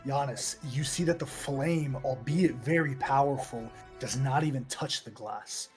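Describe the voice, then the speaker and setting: A man running a tabletop game as game master, his mid-pitched voice laying out the scene in measured, descriptive narration. He paces the story steadily. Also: faint music behind.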